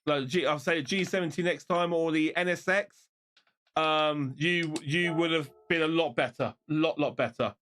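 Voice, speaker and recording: A man commentating online races on his live stream, shouting during close finishes and then chatting loosely to his viewers while out of breath. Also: a little high, moderate pace, a little hiss or hum. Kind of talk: live race commentary and casual chat.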